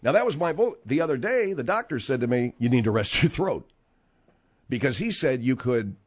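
A man's voice: medium pitch, very animated, normal speed, slightly rough. A middle-aged male talk show host with a voice that swoops up and down as he talks. He rambles through his explanations with plenty of fillers, and his voice sounds slightly strained. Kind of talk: casual talk show chat.

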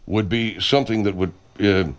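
A man's voice: on the low side, fairly even intonation, normal speed. A man playing a studio owner who meekly rambles and interrupts in an improvised comedy sketch.

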